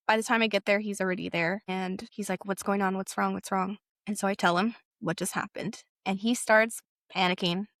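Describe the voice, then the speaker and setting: A young woman recounts her own story in a candid, reflective way, with plenty of casual fillers. Her voice sits at a middle pitch, and the recording is dry and close with no room sound. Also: a bit bright, no room sound. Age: young adult. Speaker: interview guest. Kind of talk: personal storytelling.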